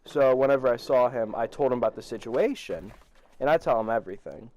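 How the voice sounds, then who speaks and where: Teen boy, casual storytime vlog, rambly and profane, average pitch. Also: fairly quick, darkish tone. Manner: rambling, profane, laughs while telling. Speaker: vlogger.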